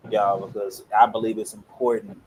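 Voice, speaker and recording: A man hosting a casual Christian talk show, with relaxed, preacher-like phrasing. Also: on the low side, normal speed, crowd noise. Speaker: podcast host.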